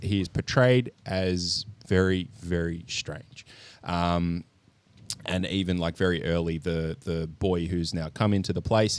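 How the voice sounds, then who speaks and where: A man co-hosting a podcast, telling a film's story in an animated, sweary way with lots of ums. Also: low-pitched. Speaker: podcast co-host. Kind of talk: casual podcast chat, movie review.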